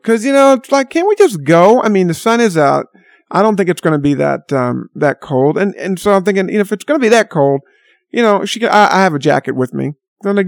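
A man's voice: on the high side, animated, a little fast, dry recording, studio quality. An older man telling a rambling personal anecdote with exasperated, sardonic asides. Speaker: storyteller.

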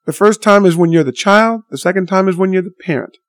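A man with a high, fast voice tells his viewers a story in an unscripted vlog monologue. He sounds blunt and indignant and swears a little.

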